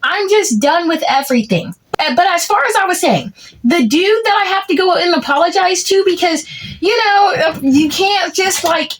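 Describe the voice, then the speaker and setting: A young woman with a strikingly high voice rants through a comic monologue. She rambles and vents in exasperation, piling on filler words as she goes. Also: very animated, moderate pace, slight background noise. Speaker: content creator. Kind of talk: comedic POV rant monologue.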